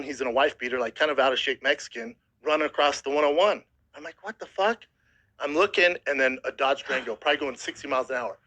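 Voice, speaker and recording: Heard through a low-quality recording, a man in his thirties with a voice on the high side hosts a podcast. He narrates a harrowing experience in casual, profane talk, acting out quotes with energy while fighting back tears.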